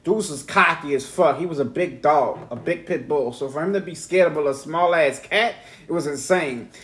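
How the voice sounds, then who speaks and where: A man's voice: on the high side, moderate pace, a bit bright. A man hosting a reaction video, telling a rambling, profane story in casual chat.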